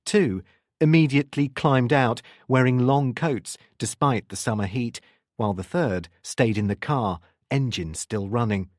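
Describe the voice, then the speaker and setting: A man reading a crime thriller audiobook in a steady, expressive narration on a close studio mic. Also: mid-range voice, unhurried, dry recording.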